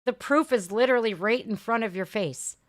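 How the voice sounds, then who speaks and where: A woman's voice: fairly high pitch, brisk. A woman hosting a reaction video, talking back to clips in an exasperated, heated way.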